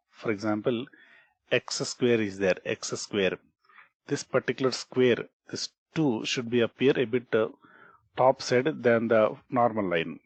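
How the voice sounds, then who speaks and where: Heard in a dry recording, a man with a mid-range voice and an Indian English accent teaches a screen-recorded coding tutorial. He is explanatory and repetitive, restarts words, and leans on frequent "okay" and "right?" check-ins.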